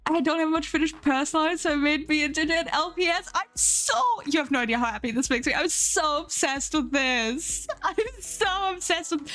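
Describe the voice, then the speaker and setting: A young woman streaming live, gushing excitedly over viewers' art and pets, swearing casually. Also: fairly high pitch.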